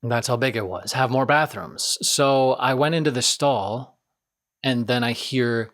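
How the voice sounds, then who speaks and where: A man's voice: medium pitch, measured pace, fairly bright tone. Twenty-something guy on his podcast, rambly storytelling, keeps repeating himself, pokes fun at himself. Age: 20s. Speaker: podcast host. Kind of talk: casual storytelling.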